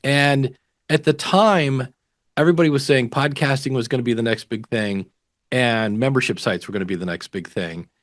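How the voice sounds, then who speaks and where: A middle-aged man, a podcasting teacher, telling stories in a lively way as a guest in a casual interview. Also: mid-range voice, normal speed, no room sound. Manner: animated storyteller.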